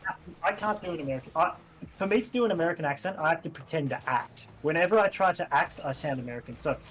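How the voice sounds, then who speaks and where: A man co-hosts a laid-back podcast, joking and teasing his partner. His voice sits high for a man. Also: lively intonation, fast, a bit bright, slight background noise, rough recording. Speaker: podcast co-host. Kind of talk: casual chat.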